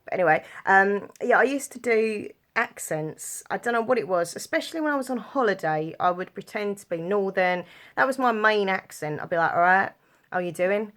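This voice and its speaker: A woman's voice: mid-range voice, animated, brisk, a bit bright. A young woman vlogging to camera, chatty and giggly, rambling with lots of fillers. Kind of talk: casual chat to camera.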